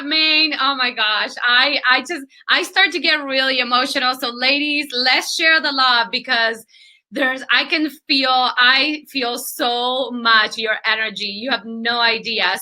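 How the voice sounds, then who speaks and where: A woman's voice: sits high, sharp tone. A woman coach hosting a live online training, gushing as she greets viewers by name from the chat. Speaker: women's empowerment coach.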